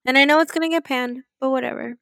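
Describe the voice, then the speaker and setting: Female podcast co-host, high voice, casual and profane, dry recording. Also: fast talker, gravelly, smooth, no echo. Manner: swears freely, animated and laughing. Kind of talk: casual chat.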